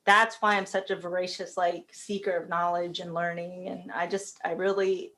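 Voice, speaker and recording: A woman's voice: fairly low pitch, level tone, normal speed, fairly bright tone. Podcast guest, woman, casual and heartfelt, laughs easily, talks in loose run-on phrases. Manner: chatty, laughs often, emotional. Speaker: podcast guest, company COO.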